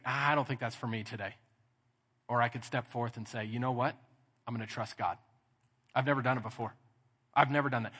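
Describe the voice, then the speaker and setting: A man with a Texan accent preaching a sermon as pastor, telling a story with lively acted-out dialogue. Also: medium pitch, big-room sound. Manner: animated storytelling, acting out dialogue. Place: church sanctuary.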